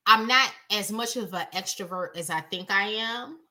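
A woman's voice: medium pitch, normal speed. A woman with a New York accent, a guest in casual chat, telling stories animatedly and acting out what people said. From Brooklyn, New York. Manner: animated storyteller, acts out quotes.

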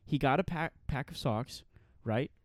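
A man's voice: medium pitch, measured pace, dry recording, studio quality. A young man joking with a friend on a podcast, laughing often and swearing freely. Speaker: podcast co-host. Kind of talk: casual banter.

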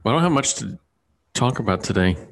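A man's voice: on the low side, lively intonation, fast talker, vocal fry. A man in casual chat, rambling with lots of fillers and restarts.

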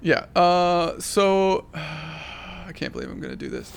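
A man's voice: high-pitched, wildly swooping pitch, takes it slowly, gravelly. A man co-hosting a casual podcast, hesitant and self-mocking as he tells an embarrassing story. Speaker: podcast co-host. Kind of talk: casual chat.

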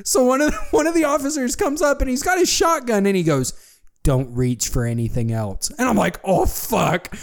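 A young man casually telling a long story to a friend, animated and full of fillers. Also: very high-pitched, moderate pace, vocal fry. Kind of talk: casual chat.

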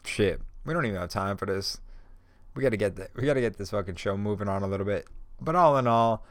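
A man's voice: lowish voice, lively intonation, fast, no room sound. A stoned man hosting a podcast, ranting on his own in a profane, rambling way. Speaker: podcast host. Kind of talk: casual solo rant.

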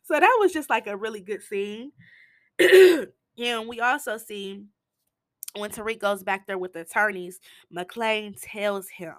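A woman casually recapping a TV episode, telling it in an animated, slangy way. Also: mid-range voice, unhurried, no echo. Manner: animated storytelling with slangy asides.

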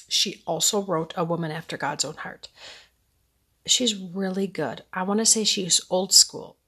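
A woman in her thirties hosting a casual faith podcast from home at night, rambling and sleepy, with soft laughs. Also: lowish voice, a little slow, breathy edge. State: sleepy, yawning. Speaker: podcast host.

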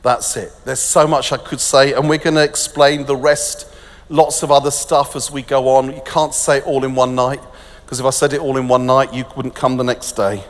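A man preaching an energetic, jokey festival sermon that turns hushed and tender, recorded in a large venue with long reverb. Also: mid-range voice, moderate pace.

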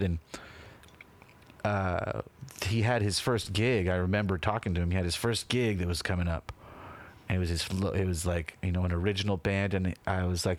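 A man's voice: low-pitched, steady tone, brisk. A man co-hosting a podcast in casual chat, telling stories in a laid-back way with frequent swearing and calls of "man" and "dude". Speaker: podcast co-host.

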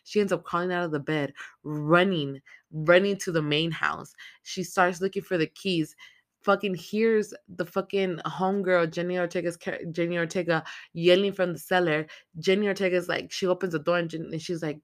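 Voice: mid-range voice, brisk. Foul-mouthed, rambling podcast host recapping a film. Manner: heavy swearing, rambling and excitable. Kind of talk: casual movie recap.

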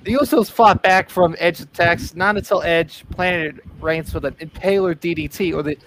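A man co-hosting a podcast, reading out results from notes in a steady, announcer-like way. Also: high-pitched, moderate pace, a little hiss or hum. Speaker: podcast co-host reading news.

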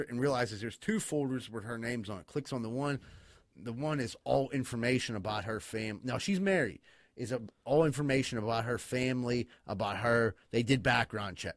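A man telling a wild story in casual podcast chat, cursing often, laughing and talking excitedly. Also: mid-range voice, no room sound. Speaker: podcast co-host.

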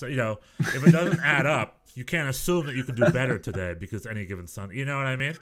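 A man's voice: mid-range voice, fast talker, a loud crowd. A man co-hosting a podcast, chatting casually and telling rambling stories with lots of restarts. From United States. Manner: animated, rambling storyteller with many restarts. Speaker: podcast co-host. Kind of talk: casual chat.

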